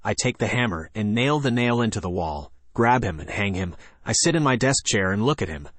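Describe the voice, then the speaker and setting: Man reading a scary story aloud, low voice, dry close mic, plain and even. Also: brisk, no echo. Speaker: narrator. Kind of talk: scripted horror story narration.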